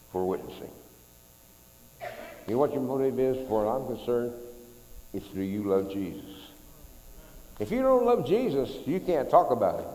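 A man's voice: mid-range voice, warm tone. Male pastor, middle-aged, folksy sermon, call-and-response, echoey church hall. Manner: folksy, leads the congregation in call-and-response chants. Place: church sanctuary.

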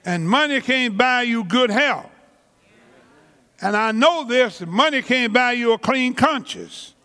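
Pastor, male, high voice, deliberate preaching pace, reverberant church sound. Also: animated, pushed and bright. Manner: slow, emphatic preaching with drawn-out words and repetitions; colloquial vernacular grammar. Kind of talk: sermon.

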